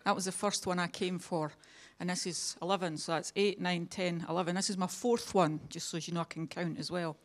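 A woman's voice: fairly low pitch, steady tone, fairly quick, hardly any pauses. A woman with a Scottish accent giving a personal testimony at a church meeting, chatty and self-mocking with a humorous streak. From Scotland.

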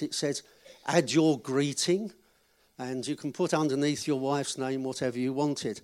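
A man's voice: mid-range voice, fairly even intonation, normal speed. A man giving notices at a church gathering and then telling a short joke, in a chatty, friendly way. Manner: chatty, friendly announcer, joking with the audience. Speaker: event leader giving notices.

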